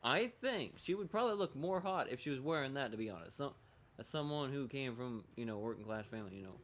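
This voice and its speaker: A man streaming a video game, rambling through casual commentary, excitable and swearing freely. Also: mid-range voice, quick pace.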